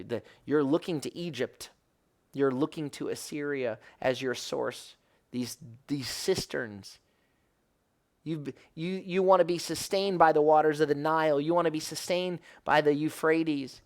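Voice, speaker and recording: A man's voice: a little high, a little slow. A man as a rabbi giving an earnest devotional Bible teaching, rising to emphatic questions and often correcting himself mid-phrase.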